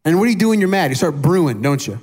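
Animated, chatty male pastor with a raised pitch. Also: rapid-fire. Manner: casual and animated, questions the congregation; self-deprecating humor. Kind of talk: conversational sermon.

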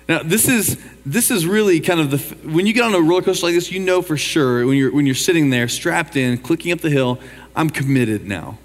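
A man preaching a sermon, telling a story in a folksy, animated way and putting questions to his congregation. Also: on the high side. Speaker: pastor. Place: church auditorium. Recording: church hall reverb.

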